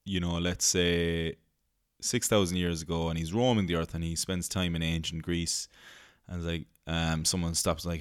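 Man, podcast host, very low voice, rambling casual chat, swears freely, laughs a lot. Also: level tone, normal speed, dry recording, studio quality.

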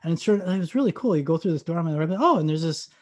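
High-pitched guy telling a bar story, acts out the voices, gets shouty and excited. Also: fast. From Canada. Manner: animated storyteller, acts out dialogue, bursts into shouting. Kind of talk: casual storytelling chat.

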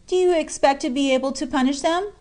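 A woman reading an audiobook, voicing a cheerful, teasing young male miner in a lively, coaxing manner. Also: sits high, fast talker, voice pushed up, natural voice. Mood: jovial. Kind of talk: audiobook character voice.

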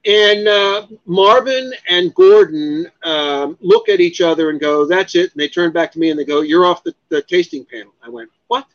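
A man telling a story as an interview guest, animated and profane, acting out what others said. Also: high-pitched, moderate pace, few pauses, highs cut off. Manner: animated, profane, acts out other people's lines. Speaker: guest, cigar expert.

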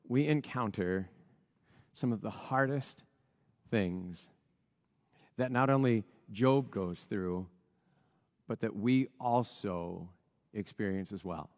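A male pastor giving a sermon in an earnest, reflective way, his voice a little rough, with pauses and restarts. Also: lowish voice, darkish tone, long reverb tail. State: voice a little rough from recent strain.

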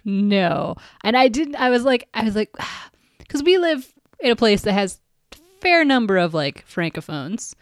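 A woman's voice: a little high, big pitch swings, unhurried, no echo. A woman co-hosting a podcast in casual chat who laughs often and gives short reactions. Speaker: podcast co-host.

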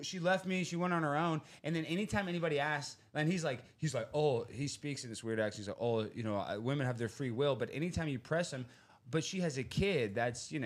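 A man guest on a podcast, talking excitedly and rambling through a story with loud bursts. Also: fairly high pitch.

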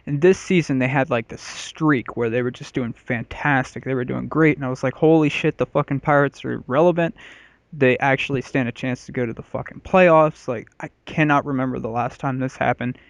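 A man's voice: mid-range voice, steady tone, a little fast, vocal fry, no room sound. A man in his thirties hosting a podcast in casual, rambling, profane chat. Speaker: podcast host.

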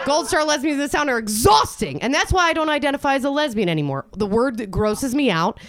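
A woman in her thirties performing a stand-up comedy set on a club stage, brash and animated, jumping into high exasperated outbursts. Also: fast talker, hardly any pauses. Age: 30s. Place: comedy club stage before a live audience.

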